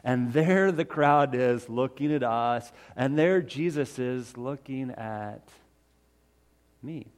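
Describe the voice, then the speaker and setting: A man playing the fisherman Peter, telling a Bible story in the first person in a folksy, conversational way that swings from loud to hushed. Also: mid-range voice, slow, natural voice. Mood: earnest. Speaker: storyteller in character.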